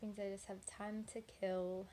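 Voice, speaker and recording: Home at night, an eighteen-year-old vlogger from Texas rambles into her phone camera, telling a casual story with lots of "like" and "um." Her medium-pitched voice is mellow and unhurried with little pitch movement, and there's slight background noise.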